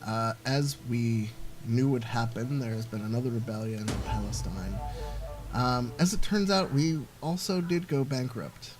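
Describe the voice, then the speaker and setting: A man's voice: mid-range voice, measured pace, over music. A man giving casual gameplay commentary, rambling and thinking aloud with lots of fillers. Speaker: let's play host.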